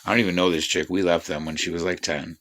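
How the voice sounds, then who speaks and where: A man's voice: deep voice, flat delivery, fast, fairly bright tone. A man in his fifties telling rambling personal stories in a profane, boastful, meandering way. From Washington State, USA. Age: 50s. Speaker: vlogger.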